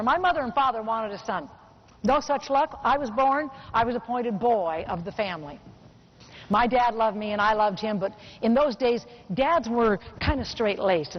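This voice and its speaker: A middle-aged woman giving a motivational keynote speech to a business audience, telling a personal story and slowing down to stress key points. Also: a little high. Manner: personal storytelling, slows down for emphasis. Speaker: motivational speaker. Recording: muffled recording with faint hiss.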